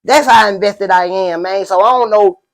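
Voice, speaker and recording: A man's voice: high voice, normal speed, natural voice. A man playing a rambling boastful street pimp. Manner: rambling slang, constant "you know what I'm saying". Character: boastful streetwise male pimp in a spoof interview. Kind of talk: comedic parody interview.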